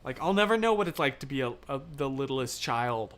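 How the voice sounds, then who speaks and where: A man's voice: mid-range voice, expressive, a little fast, a bit bright. A young American man in his twenties hosting a live stream, chatting casually and rambling with lots of fillers while reading out viewer comments. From United States. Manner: rambling and chatty, many fillers, laughs often. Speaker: livestream host.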